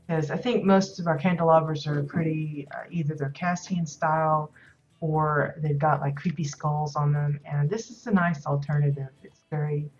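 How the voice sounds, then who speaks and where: A woman's voice: sits low, darkish tone, dull audio. A woman hosting a casual video tour of player-built homes in a game, talking loosely with lots of ums and restarts. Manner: rambling, many ums and restarts. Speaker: host touring player houses in a game.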